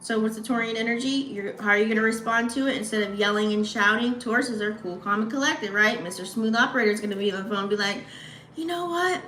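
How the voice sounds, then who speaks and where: A woman's voice: medium pitch, steady tone, quick pace, hardly any pauses, sharp tone, a little hiss or hum. A woman hosting an astrology channel, giving a casual, slangy reading and talking straight to her viewers. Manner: slangy, chatty, addresses viewers directly. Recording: echoey room.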